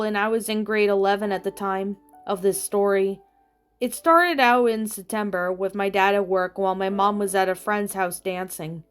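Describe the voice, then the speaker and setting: A young woman in her twenties narrating a true personal story in the first person, in a plain, rambling way with long run-on sentences. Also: medium pitch. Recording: faint background music.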